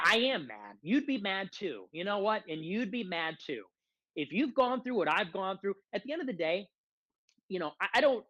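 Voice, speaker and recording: Angry ranting man, high voice. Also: fairly bright tone, no echo. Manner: angry, profane, aggrieved, repeats phrases. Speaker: political streamer guest. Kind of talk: heated rant. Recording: dull lo-fi dry sound.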